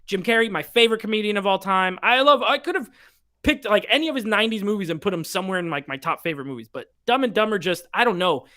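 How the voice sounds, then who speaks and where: A podcast host chatting casually on a live stream, reading viewer picks aloud in a playful, animated way. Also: medium pitch, quick pace.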